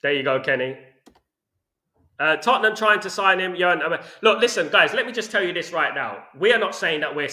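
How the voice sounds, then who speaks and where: Animated football fan host, echoey room. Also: male voice, fairly high pitch. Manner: animated, ranting, repeats "you know what I mean". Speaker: podcast host reading chat comments. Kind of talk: casual fan chat.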